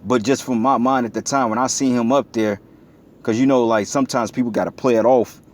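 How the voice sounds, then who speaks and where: A man's voice: mid-range voice, fairly even intonation, a little fast. A man giving a preaching commentary, talking blunt and profane in a street style that gets heated. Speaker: religious video commentator.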